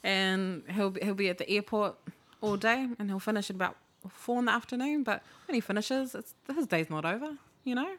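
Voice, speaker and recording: A woman's voice: medium pitch, a little fast, a bit bright. A woman, co-hosting a casual chat, talking candidly, swearing freely and acting out the lines of people in her stories. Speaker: podcast co-host.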